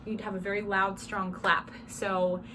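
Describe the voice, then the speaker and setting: A woman's voice: medium pitch, level tone, moderate pace. Chatty young Southern woman teaching in a small dorm room. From South Georgia, US. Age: young adult. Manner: chatty, with frequent "um" fillers and spoken demonstrations of commands. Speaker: drum major instructor. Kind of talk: casual instructional talk. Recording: small room with clear background noise.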